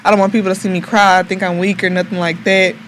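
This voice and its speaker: A woman's voice: mid-range voice, little pitch movement, fast, a little hiss or hum. A young woman, a hairstylist guest on a podcast, telling her own life story in a candid, heartfelt way with many "like" fillers. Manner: emotional, heartfelt, frequent "like" fillers.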